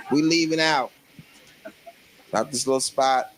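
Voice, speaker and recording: A man telling a comic story, laughing as he goes and jumping into loud voices for the people in it. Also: measured pace, long pauses, background noise. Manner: animated, laughing through the story, jumps into loud high voices for other people. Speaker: storyteller on a livestream show.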